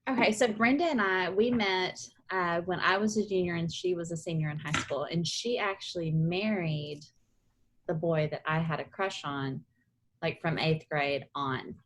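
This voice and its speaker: Lower-voiced woman telling a rambling story. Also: moderate pace, slight background noise, low-quality recording. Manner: rambling, self-correcting storyteller. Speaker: podcast guest. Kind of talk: casual podcast chat.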